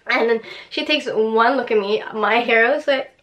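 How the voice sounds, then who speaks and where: A young woman vlogger telling a personal story in a casual, animated way, laughing often as she goes. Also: a little high, normal speed.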